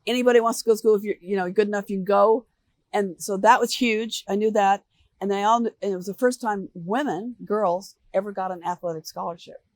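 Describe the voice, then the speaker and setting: Lively older woman telling stories. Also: medium pitch, a little fast, no room sound. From United States. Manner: animated storyteller, acts out quoted voices. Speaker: interview guest. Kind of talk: relaxed storytelling interview.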